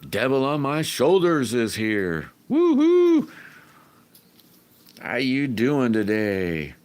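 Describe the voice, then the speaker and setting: A man hosting a casual livestream, chatting to viewers and greeting them by name in a rambling, friendly way, sometimes whooping loudly. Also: medium pitch, animated, takes it slowly. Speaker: livestream host. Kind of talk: casual livestream chat reading viewer comments.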